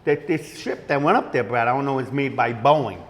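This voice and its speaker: A man co-hosting a casual comedy chat show, rambling and halting with lots of fillers, in front of a small live audience. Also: mid-range voice. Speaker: co-host. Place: local venue with live audience. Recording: room with long reverb.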